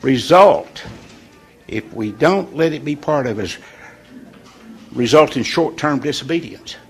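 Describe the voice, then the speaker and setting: Gravelly man giving a folksy devotional. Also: medium pitch, lively intonation. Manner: folksy and conversational, with deliberate pauses. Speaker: devotional leader. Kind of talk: informal morning devotional talk.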